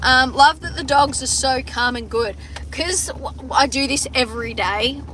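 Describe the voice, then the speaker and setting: Via her phone's front camera, a young Australian woman in a car on a farm talks casually to her livestream audience at a measured pace. Her high voice sounds pushed and bright over a little hiss or hum, and she swears often and keeps restarting sentences.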